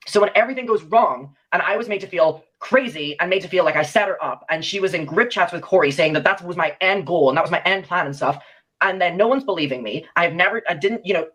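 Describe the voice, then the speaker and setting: A man's voice: high-pitched, quick pace, fairly bright tone, breathy edge, rough recording. A young man with an Irish accent recounting a personal story from a video and reading out old messages. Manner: recounts messages aloud, quoting texts. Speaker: YouTuber telling his side.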